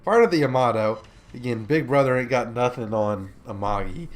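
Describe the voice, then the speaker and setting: A man's voice: medium pitch, a little fast. A man casually commentating a warship game replay, joking and chatty with many fillers, sleepy from recording in the morning. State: sleepy, yawning. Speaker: gameplay commentator.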